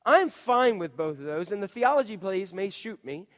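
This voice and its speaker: In a church sanctuary, a male pastor delivers a sermon at a moderate pace, his fairly high voice ringing through the long echo. He addresses the congregation directly, telling animated stories, acting out voices and shouting.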